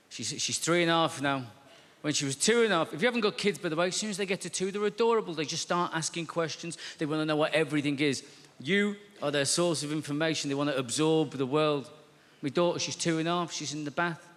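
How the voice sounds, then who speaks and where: A man performing stand-up comedy, telling a story in a dry, deadpan way. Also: fairly high pitch. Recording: reverberant hall, background noise.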